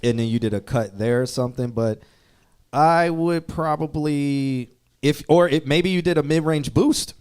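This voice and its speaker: A man's voice: fairly high pitch, unhurried, darkish tone, smooth. A man hosting a live music-review stream, giving mixing feedback in a casual, thinking-aloud way. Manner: conversational, thinking aloud, trails off. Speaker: host reviewing music submissions.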